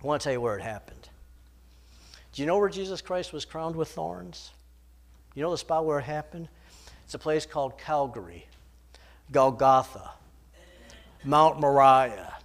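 A man preaching a sermon in a dramatic, emphatic manner, swinging between loud declarations and hushed storytelling. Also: a little high, lively intonation, moderate pace, pauses often.

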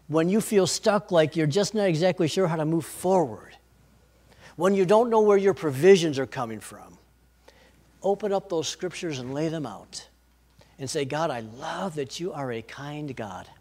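High-voiced man preaching with urgency. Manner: swings between loud urgent preaching and hushed prayerful tones. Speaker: pastor. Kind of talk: sermon.

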